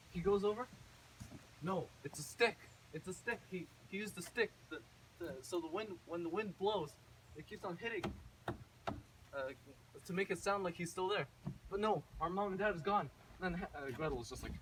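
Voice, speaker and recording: A man's voice: high-pitched, expressive, normal speed. A man casually retelling a fairy tale, rambling with many fillers and restarts. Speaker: storyteller. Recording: distant mic with faint noise.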